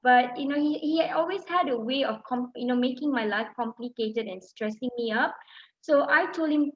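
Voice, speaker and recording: A woman's voice: high voice, moderate pace. A middle-aged woman from Malaysia telling a personal story in a talk, emotional and full of fillers and restarts. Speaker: speaker. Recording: dull lo-fi sound.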